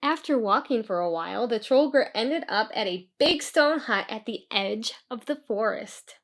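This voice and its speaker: A woman reading a children's picture book aloud, telling the story clearly and expressively. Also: on the high side, lively intonation, moderate pace. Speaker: storybook reader.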